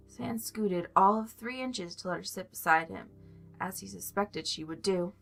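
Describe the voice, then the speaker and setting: A woman narrating a fan fiction story aloud at a calm, measured pace. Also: medium pitch, vocal fry. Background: soft music.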